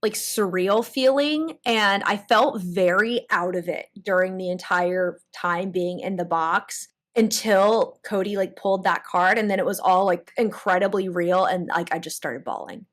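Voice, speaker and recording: Young woman guest, mid-range voice, animated storyteller who trips over her words. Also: medium pitch, measured pace, hardly any pauses. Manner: animated storytelling with frequent restarts and laughs. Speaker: guest contestant. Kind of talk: casual interview chat.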